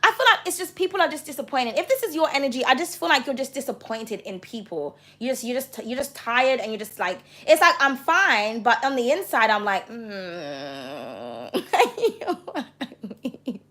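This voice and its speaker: A woman's voice: high voice, lively intonation, fairly quick, fairly bright tone. A woman giving a tarot reading to camera, talking passionately and bluntly, with frequent swearing. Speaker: tarot reader.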